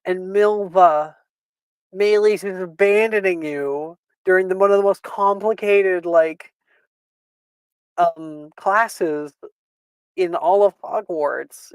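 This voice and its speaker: A man leads a tabletop game as its game master, chatty and quick to laugh as he narrates. His voice sits a little high and sounds dry and close to the mic. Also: no echo. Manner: laughing often, loose and chatty.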